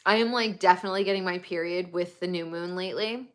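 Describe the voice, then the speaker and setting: A woman's voice: lowish voice, fast talker, few pauses. A woman hosting her own livestream, talking in a rambling, opinionated casual chat and filling her talk with "like". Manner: rambling and opinionated, full of "like" fillers. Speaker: livestream host.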